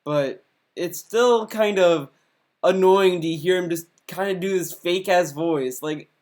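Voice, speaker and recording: High-voiced man bluntly critiquing a video. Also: takes it slowly, a little mellow. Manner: blunt, exasperated critique with profanity. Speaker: video commentator. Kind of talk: casual critical commentary.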